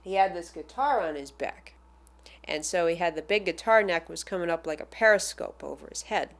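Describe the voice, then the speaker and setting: A woman casually telling a personal anecdote as a fan, animated and acting out the people she quotes. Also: lowish voice, moderate pace. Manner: animated, acts out the voices of the people in her story.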